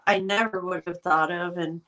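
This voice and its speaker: A woman co-hosting a relaxed livestream, speaking in a plain everyday voice. She gushes with enthusiasm, piling one idea on another. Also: on the low side, moderate pace, low-quality recording. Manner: enthusiastic, gushing. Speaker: co-host. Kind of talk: casual livestream chat.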